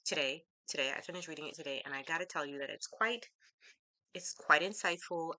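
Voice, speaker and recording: Middle-aged woman vlogger, low voice with a bright, forceful edge; chatty, rambling, self-correcting. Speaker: teacher. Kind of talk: casual chat to camera.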